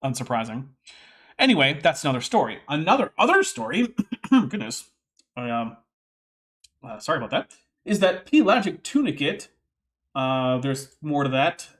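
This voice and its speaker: A man's voice: a little high, very animated, moderate pace, long pauses, a bit bright. Wry man hosting a casual stream. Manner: wry, sarcastic asides, reads text aloud. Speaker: host. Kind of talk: casual commentary livestream.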